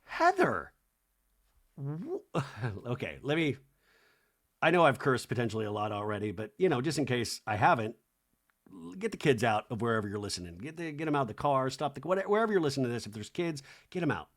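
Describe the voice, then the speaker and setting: A man hosting a comedy podcast, recapping reality TV in an animated, profane way and mimicking the cast. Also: mid-range voice, quick pace. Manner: swears freely. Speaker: podcast host.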